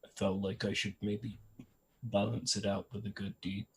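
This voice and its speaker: A man's voice: fairly low pitch, little pitch movement, moderate pace, darkish tone, slight background noise. A man playing a tabletop game who talks in an earnest, good-natured way. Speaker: player.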